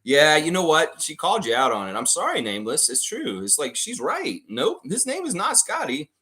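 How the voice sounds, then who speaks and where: A man's voice: fairly high pitch, wildly swooping pitch, normal speed, sharp tone. A man hosting a live trivia stream, reading out questions and answering the chat as he goes.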